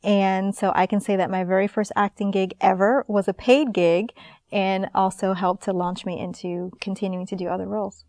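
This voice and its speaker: Lively woman telling her story. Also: mid-range voice, normal speed, no echo, clean studio sound. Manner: lively, animated storyteller, laughs often. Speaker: actress and interview guest. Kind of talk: casual storytelling in an interview.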